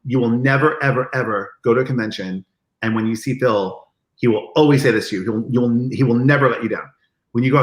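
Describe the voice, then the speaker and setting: A man telling stories as an interview guest, animated and acting out the lines he quotes in lively chat. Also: mid-range voice, quick pace, roomy sound, low-quality recording. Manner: animated, acts out quoted dialogue. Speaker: guest, event marketing executive. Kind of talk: casual storytelling in an interview.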